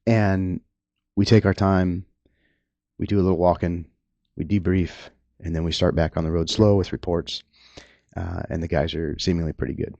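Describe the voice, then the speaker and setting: A middle-aged man, a police officer, talking earnestly and emotionally about the job, halting and restarting at times. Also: low-pitched, little pitch movement, gravelly, mellow, no echo, highs cut off. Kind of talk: candid personal talk.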